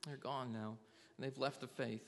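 A man's voice: mid-range voice, fairly even intonation, normal speed, big-room sound. A man preaching a sermon to a congregation, earnestly asking them question after question. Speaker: pastor.

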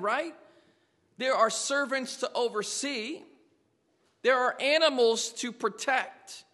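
A man's voice: very high-pitched, sharp tone. A male pastor preaching a sermon, speaking emphatically and putting rhetorical questions to his congregation. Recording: long reverb of a large hall.

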